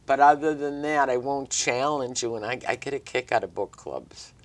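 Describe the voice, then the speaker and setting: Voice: mid-range voice, moderate pace, no room sound. A local TV host chatting casually with a guest, often finishing the guest's sentences. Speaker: talk show host. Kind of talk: casual interview chat. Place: local TV studio.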